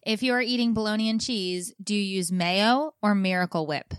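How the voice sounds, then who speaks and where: A woman co-hosting a parenting podcast in casual chat, playful and quick to laugh. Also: medium pitch, smooth, dry recording, studio quality. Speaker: podcast co-host.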